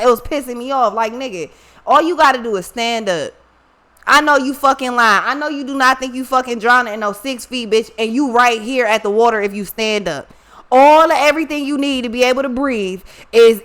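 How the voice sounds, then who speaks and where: High-voiced woman, blunt and profane. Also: sharp tone. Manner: profane, scolding, storytelling. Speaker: tarot reader. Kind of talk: blunt casual monologue to viewers.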